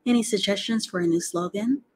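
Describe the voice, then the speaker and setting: A woman voicing a calm, clever female spider in an audiobook, speaking in a measured, gently bossy way. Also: medium pitch, breathy edge, lightly acted. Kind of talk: audiobook character reading.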